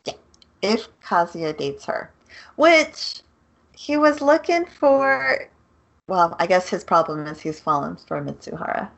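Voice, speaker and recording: A woman co-hosting a podcast, chatting about an anime episode casually and quick to laugh. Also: fairly low pitch, big pitch swings, vocal fry, fairly bright tone. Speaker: podcast co-host. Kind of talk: casual anime review chat.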